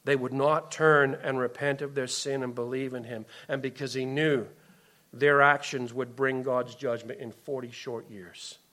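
A man preaching a sermon as a pastor, impassioned, swinging from loud emphasis to soft, hushed lines. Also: medium pitch, flat delivery, a little slow.

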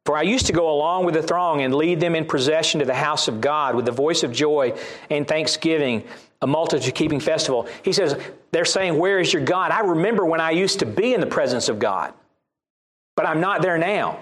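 A man's voice: on the high side, a little fast, fairly bright tone. A man with a Southern US accent preaching a sermon, reading scripture aloud and repeating key lines for emphasis.

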